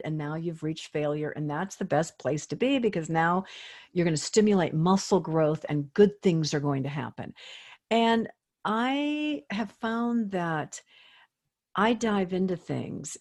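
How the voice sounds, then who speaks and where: Older woman, fitness expert guest, slightly low voice, lively and motivational. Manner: lively, acts out quoted inner voices; earnest, motivational. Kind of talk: conversational interview.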